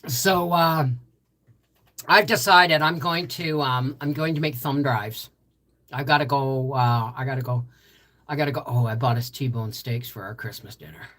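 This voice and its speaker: A woman's voice: rumbling low, a little slow, fairly bright tone. An older woman hosting a live stream from her home office, telling a rambling, chatty story with many restarts. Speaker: homestead channel host. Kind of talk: casual live-stream chat.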